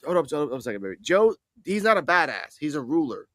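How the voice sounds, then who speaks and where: A man co-hosting a casual wrestling review podcast, talking in an animated, profane and argumentative way. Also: on the high side, quick pace, no room sound. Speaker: podcast co-host.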